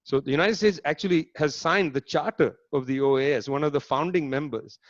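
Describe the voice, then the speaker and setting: A man lectures in a fairly high, emphatic voice, sardonic and pointed, often throwing rhetorical questions at his listeners. The sound is dry and close, a little dull, as from an online talk. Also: brisk, dry recording. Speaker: speaker giving a political lecture. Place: online talk, home setup.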